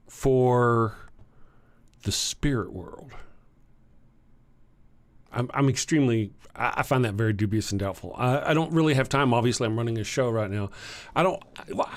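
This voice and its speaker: A man with a Texan accent hosting a casual livestream, greeting viewers and reading their comments in a rambling, halting way, often chuckling. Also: mid-range voice. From Texas. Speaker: livestream host.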